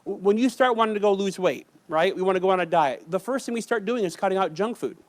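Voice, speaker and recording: A man preaching a sermon in a church with an Ohio accent, loud and emphatic with joking asides. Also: high voice, quick pace, no echo. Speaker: pastor. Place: church sanctuary.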